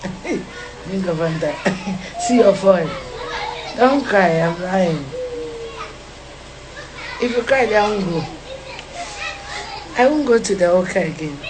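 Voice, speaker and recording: A woman's voice: on the low side, animated, slow, pauses often, background noise. A middle-aged woman with a Ghanaian English accent, vlogging with her sons in a car, mock-crying, laughing and teasing them. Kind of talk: casual family vlog.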